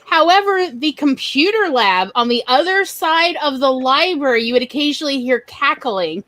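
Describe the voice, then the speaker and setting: A woman's voice: sits high, brisk, hardly any pauses, slight background noise. A woman chatting casually on a stream, playful and giggly as she tells anecdotes. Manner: playful, giggly, lively storyteller. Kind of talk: casual chat on a writing stream.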